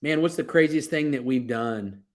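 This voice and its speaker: A man's voice: mid-range voice, moderate pace. A man, a brewery owner chatting casually and joking about his beers. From Texas. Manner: laid-back, joking, talks through fillers and restarts. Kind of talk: casual interview on a livestream.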